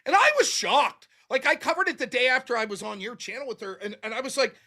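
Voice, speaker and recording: A man's voice: very high voice, animated, quick pace, sharp tone. A man, a guest on a stream, chatting casually and animatedly, acting out what others said in raised voices. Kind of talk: casual chat.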